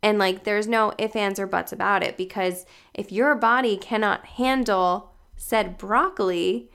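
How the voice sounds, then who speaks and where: A woman's voice: mid-range voice, steady tone, a little slow, creaky, a bit bright, clean tone. A woman talking casually as a health coach on a livestream, chatty and full of "like" and "you guys", greeting viewers by name as they join.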